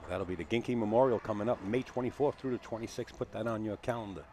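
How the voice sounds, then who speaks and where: A man's voice: lowish voice, fast, a little mellow, a little hiss or hum. A man commentating live on a pool match from a booth, chatty and teasing, explaining the shots as they happen. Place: booth at a pool hall tournament.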